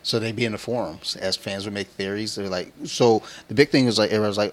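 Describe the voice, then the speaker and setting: A man's voice: fairly low pitch, brisk, a bit bright. A man co-hosting a podcast, rambling in crude, slangy casual chat. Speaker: podcast co-host.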